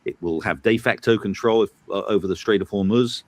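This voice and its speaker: Deep-voiced man giving hesitant political analysis. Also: fairly quick, dry recording. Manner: hesitant, many fillers and restarts, grows emphatic. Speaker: political commentator. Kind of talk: analytical commentary chat.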